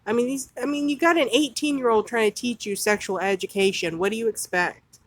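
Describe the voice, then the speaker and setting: A woman's voice: a little high, moderate pace, no echo, rough recording. Indignant, sarcastic woman ranting. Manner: indignant, sarcastic, with scornful laughs. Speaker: commentary channel host. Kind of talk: reading aloud and ranting commentary.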